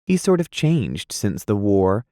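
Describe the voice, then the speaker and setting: A man reading aloud, voicing a gossipy, excitable young woman in a high, breathless voice. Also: unhurried, dry recording, clean studio sound. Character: gushing gossipy young woman, easily moved.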